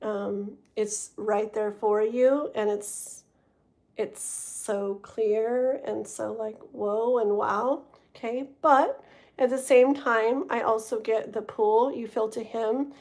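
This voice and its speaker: A woman's voice: a little high, fairly even intonation, slow, darkish tone. A woman doing a live-stream tarot reading, talking straight to the viewer, rambling and stumbling over her words. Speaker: tarot reader.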